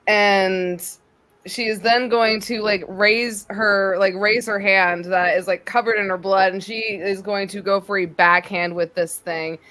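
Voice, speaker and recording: A woman's voice: mid-range voice, fairly even intonation, measured pace, fairly bright tone. A woman playing a tabletop game, animatedly describing her character's attacks with many fillers. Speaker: player.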